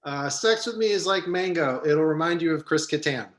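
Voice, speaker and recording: A man delivering deadpan improv one-liners on a video call. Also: on the high side, moderate pace, reverberant. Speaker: improv performer.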